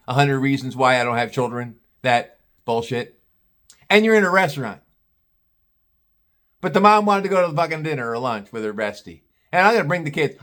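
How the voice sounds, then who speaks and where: A man's voice: a little high, fairly bright tone. A man telling an exasperated, profane story as a vlogger, with sarcastic asides.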